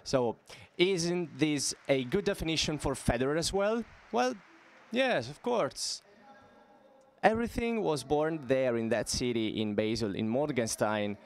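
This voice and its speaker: A man interprets a talk into English in real time. His voice sits at an ordinary pitch, and he halts on fillers and restarts sentences as he works. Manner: halting, with frequent fillers and restarts.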